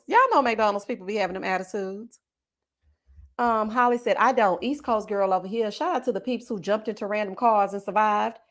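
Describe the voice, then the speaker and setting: A woman, chatting on a livestream and reading out viewer comments, animated and quick to laugh, with drawn-out asides like "child" and "honey.". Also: mid-range voice. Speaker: livestream host.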